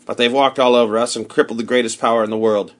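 A man reading the part of a grim, weary soldier with a hoarse voice, speaking in blunt, gloomy declarations. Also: medium pitch, moderate pace, a bit bright, natural voice. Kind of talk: audiobook character reading.

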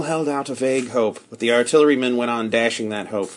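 A man giving a measured, steady first-person narration of a story. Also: mid-range voice. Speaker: audiobook narrator.

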